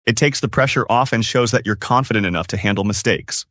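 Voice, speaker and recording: A man's voice: on the low side, fast talker, fairly bright tone, dry recording. A man co-hosting a scripted English-learning podcast, speaking in an upbeat, explanatory way. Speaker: podcast co-host.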